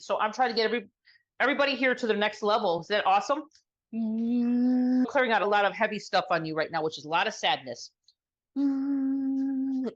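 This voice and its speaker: Woman healer on a call, slow soothing talk, kinda muffled audio. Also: medium pitch. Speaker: sound healer. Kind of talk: guided energy healing session.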